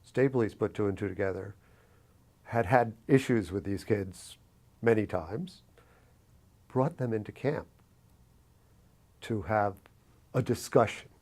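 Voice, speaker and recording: A man from New York City telling a personal story in an oral history interview, reflective and lively, with many fillers. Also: fairly low pitch, unhurried, pauses often. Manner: reflective, animated anecdotal telling with frequent fillers.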